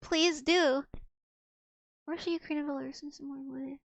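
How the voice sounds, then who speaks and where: A woman's voice: high voice, steady tone, a little slow, gravelly, dry recording. A young woman from the United States chatting casually on a livestream, rambling with restarts and giggles. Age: young adult. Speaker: streamer.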